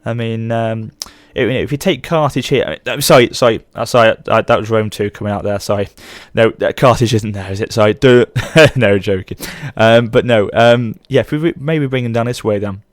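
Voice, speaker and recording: Chatty low-voiced man. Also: brisk, few pauses, no echo, studio quality. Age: 30s. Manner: chatty, rambling, frequent self-corrections. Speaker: gaming channel host. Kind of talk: let's play commentary.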